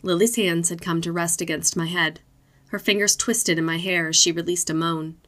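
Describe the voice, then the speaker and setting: A woman reading adult fiction aloud, in steady, unhurried narration. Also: fairly low pitch.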